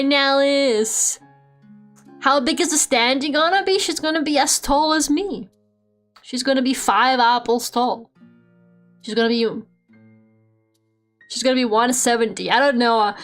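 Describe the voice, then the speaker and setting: A young woman with a Russian accent chatting on a live stream at home, animated, laughing often and swearing freely. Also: fairly high pitch. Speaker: VTuber streamer. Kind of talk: casual live-stream chat while drawing. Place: home room.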